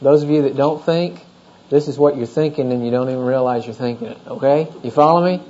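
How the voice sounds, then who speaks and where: A man's voice: mid-range voice, brisk, mellow. A male pastor teaching a sermon through scripture, talking casually and often checking in with the congregation with questions. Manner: conversational, asks the congregation questions. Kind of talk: expository sermon. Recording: dull lo-fi sermon recording.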